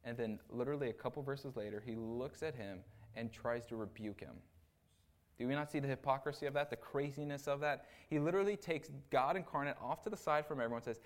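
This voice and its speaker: A man's voice: on the high side, fairly quick. Man preaching, casual and chatty. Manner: casual, tags lines with "right?"; animated retelling with acted asides. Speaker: assistant pastor. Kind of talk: conversational sermon.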